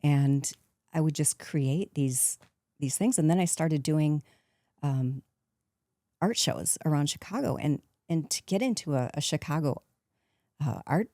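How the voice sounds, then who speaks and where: A woman in her fifties talks through her stories as an interview guest, acting out what others said and breaking into laughs along the way. Her voice sits very low for a woman, with a soft, mellow tone. The sound is dry and close. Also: unhurried, long pauses, dry recording. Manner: lively storyteller, acts out quotes, laughs often. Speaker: guest, actress turned painter. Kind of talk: casual interview chat.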